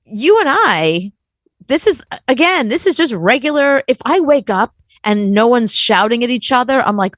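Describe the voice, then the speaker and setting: A woman with a Long Island New York accent, co-hosting a casual comedic chat and telling loud, animated stories. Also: on the high side, moderate pace, no echo. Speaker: co-host.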